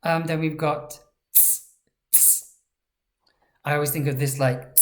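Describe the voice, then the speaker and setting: A woman teaching a language lesson in a relaxed, chatty way, with playful asides and sounds spelled out slowly. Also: sits low.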